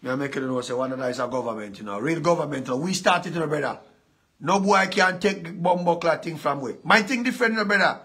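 A man's voice: on the high side, fast talker, fairly bright tone. A Jamaican man being interviewed, talking boastfully and animatedly in casual chat with patois mixed in. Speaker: guest artist.

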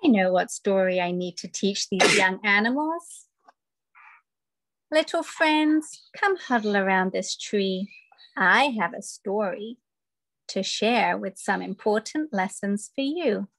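A woman's voice: medium pitch, animated, slow pace, fairly bright tone, no room sound, poor audio. A woman doing a wise old owl. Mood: kindly.

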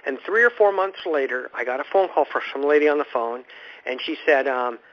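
A man's voice: mid-range voice, fairly quick. A man hosting a spiritual radio program, teaching in an informal, rambling way and often repeating words as he restarts his thoughts. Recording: dull lo-fi radio recording.

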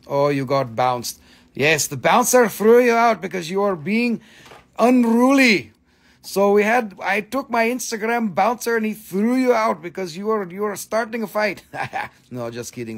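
A man's voice: high-pitched, expressive, normal speed, gravelly. A man casually hosting a live-stream crystal sale, joking around, swearing loosely and repeating himself. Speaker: host selling crystals.

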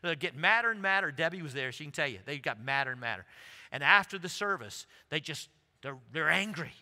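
A middle-aged male pastor preaching a sermon, telling a funny story with lively, animated delivery. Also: fairly high pitch, brisk. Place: large church sanctuary. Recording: livestream with long hall reverb.

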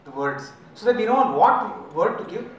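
A man with an Indian English accent leading a bhajan workshop, explaining with gentle humor and slipping into Hindi. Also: high voice, lively intonation, moderate pace, slight background noise. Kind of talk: teaching talk with sung examples. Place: large echoey hall. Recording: echoey hall from far off, music behind.

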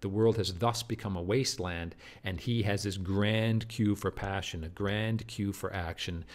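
A man with a fairly low voice gives a recorded literature lecture. He talks in loose, searching phrases, often repeats and restarts words, and keeps checking in with his listeners. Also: fairly even intonation, a little slow.

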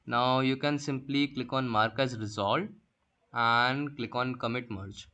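A young man gives a screen-recorded coding lesson, explaining each step plainly. His voice is bright and a little tense, at a middling pitch. He leans on fillers as he works through the example. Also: fairly even intonation, unhurried. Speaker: workshop instructor.

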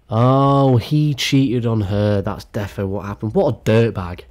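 A man's voice: on the low side, a little slow, hardly any pauses, darkish tone. A young man doing a comedic gossip rant as a YouTube commentator, sarcastic and crude with mock-dramatic outbursts.

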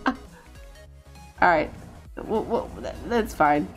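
A woman's voice: medium pitch, lively intonation, moderate pace, soft background music. A woman streaming a life-simulation game, chatting and bossing her characters around with lots of laughs and stumbling repeats. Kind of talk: live gameplay commentary.

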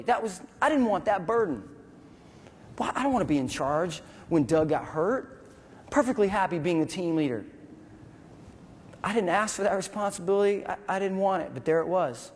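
Animated male storyteller in a big hall. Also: high voice, normal speed, breathy edge. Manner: vivid, animated, acts out sounds and voices. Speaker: veteran speaker. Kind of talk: storytelling speech. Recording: hall reverb.

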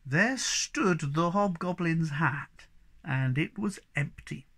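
A reader narrating a children's book aloud in an expressive, varied storytelling manner. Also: medium pitch, slow pace, slightly rough.

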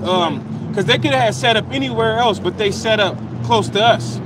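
A man's voice: high voice, moderate pace. A man in casual conversation about faith, agreeing often and chiming in with his own thoughts. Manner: agreeable, chimes in, animated. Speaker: street preacher. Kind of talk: casual religious chat outdoors. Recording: outdoor street noise.

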